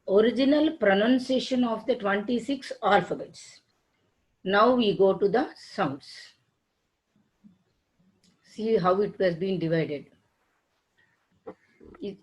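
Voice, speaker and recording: A woman with a medium-pitched voice lectures on phonetics in a classroom, slowly and with long pauses, spelling out letters and words individually. She repeats herself and restarts sentences, and the audio quality is poor.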